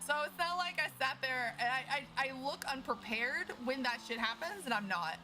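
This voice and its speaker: Animated high-voiced woman streamer. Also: moderate pace, a little hiss or hum, low-quality recording. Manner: animated, swears freely, laughs through frustration. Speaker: streamer playing a lawyer in roleplay. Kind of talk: casual out-of-character stream chat.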